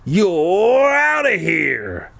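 A man's voice: sits high, huge pitch swings, extremely slow, creaky, fairly bright tone, voice pushed up, heavily acted. A man voicing a furious, bossy schoolgirl editor who shrieks and scolds.

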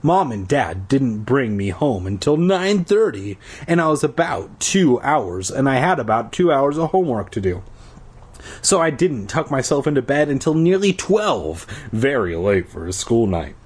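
A man's voice: mid-range voice, very animated, moderate pace, a little mellow, slightly rough. A man reading a novel aloud in an informal way, with asides and self-corrections. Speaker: reader.

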